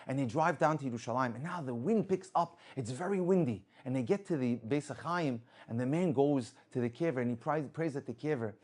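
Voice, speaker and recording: A man telling an inspirational religious story with lively delivery, acting out the people in it. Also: mid-range voice, a little fast, few pauses. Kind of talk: inspirational story told to an audience.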